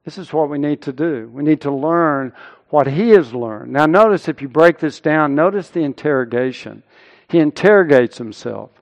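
Earnest preaching man, fairly high voice. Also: normal speed. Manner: earnest preaching, rising loud and high when quoting scripture. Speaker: pastor. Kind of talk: sermon.

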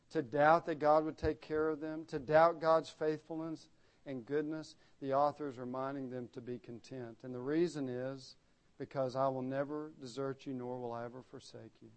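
A man preaching a sermon, moving between loud emphatic passages and hushed, solemn low drops.

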